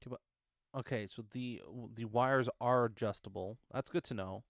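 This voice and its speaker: A man's voice: medium pitch, moderate pace, gravelly, no echo, studio quality. A young man streaming a game, chatting casually in an exasperated, grumbling way and swearing freely. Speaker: gaming streamer. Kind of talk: casual gaming chat.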